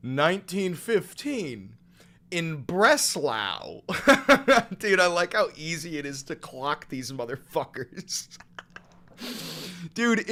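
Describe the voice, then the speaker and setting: A man hosting a comedic reaction video, reading aloud and reacting with loud, sarcastic, swearing outbursts. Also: a little high. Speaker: commentary video host.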